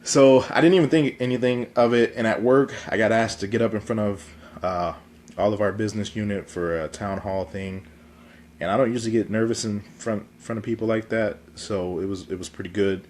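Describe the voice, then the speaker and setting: A congested man with a fairly low voice rambles casually to his phone camera. His talk is loose and goofy, full of fillers and restarts. There is a faint hiss of background noise behind him. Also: steady tone, fairly quick, darkish tone. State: congested, sore throat. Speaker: vlog host.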